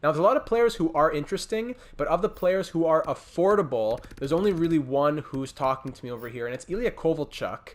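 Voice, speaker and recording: A man's voice: a little high, lively intonation, brisk, hardly any pauses. A young man giving casual, thinking-aloud commentary over a hockey video game as a gaming channel host. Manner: thinks aloud, chatty, restarts and talks to teams. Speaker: gaming YouTuber.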